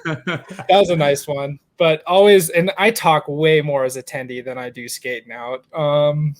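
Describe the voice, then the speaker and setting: A man's voice: fairly high pitch, steady tone, a little slow. A man co-hosting a podcast, chatting casually in a hesitant, self-deprecating way and laughing as he talks. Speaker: podcast co-host. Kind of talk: casual chat.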